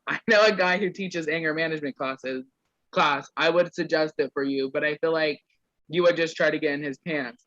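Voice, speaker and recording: Bright young man on lo-fi call audio. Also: fairly high pitch, normal speed. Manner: reads others' roasts aloud, stumbling and laughing at lines. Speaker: player reading roasts on a group call. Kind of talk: casual reading aloud.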